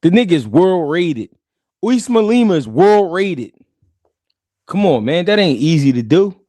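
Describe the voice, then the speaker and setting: A man's voice: sits high, big pitch swings, unhurried, dark tone, dry recording. A man hosting a live stream, chatting casually and animatedly in slang, talking straight to his chat.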